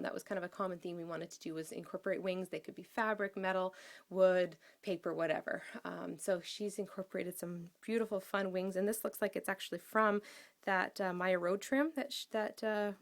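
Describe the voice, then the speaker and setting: A woman chatting casually as she shows a handmade scrapbook album, gushing with praise and pausing often with ums. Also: medium pitch. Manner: enthusiastic, gushing, with many ums. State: out of breath. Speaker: craft vlogger.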